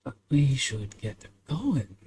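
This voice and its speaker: A young man from Australia, chatting casually with viewers while he plays a game, relaxed, laughing often and swearing now and then. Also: medium pitch, slow pace, breathy edge. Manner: laid-back, chuckles often, swears casually. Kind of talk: casual chat.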